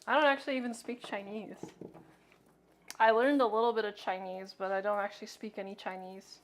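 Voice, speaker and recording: A woman's voice: mid-range voice, fairly even intonation, fairly quick. A woman chatting casually on a cooking live stream, offhand and talkative, with lots of filler words.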